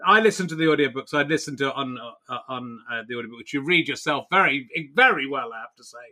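Bright-toned man, chatty host. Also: medium pitch, lively intonation, fast. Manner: chatty, laughs often, restarts sentences. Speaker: podcast host. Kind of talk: casual chat.

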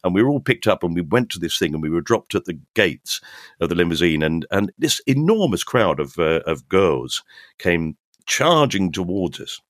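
Older man, guest storyteller, low voice with a wide lively swing, dry close sound. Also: normal speed, dry recording. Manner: animated storyteller, acts out quoted voices. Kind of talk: casual anecdotes.

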